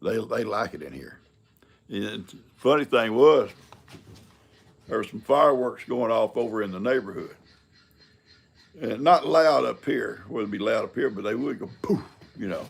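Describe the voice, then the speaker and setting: An older man with a drawl hosts a laid-back live stream, rambling in a folksy, chuckling way. His voice is heavily gravelly and husky, sitting at an ordinary pitch for a man. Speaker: livestream host. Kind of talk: casual live-stream chat.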